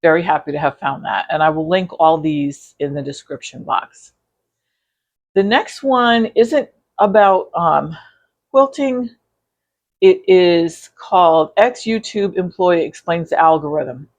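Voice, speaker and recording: A woman's voice: lowish voice, unhurried, highs cut off. A woman vlogging about quilting in a casual, rambling way, with many fillers and self-corrections. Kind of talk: casual chat reviewing videos.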